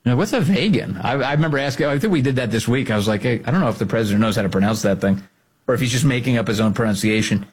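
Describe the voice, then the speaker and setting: A man's voice: mid-range voice, racing, slightly rough. A man hosting a political podcast, commenting sarcastically on played clips with frequent laughter. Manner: sarcastic, laughing, animated asides.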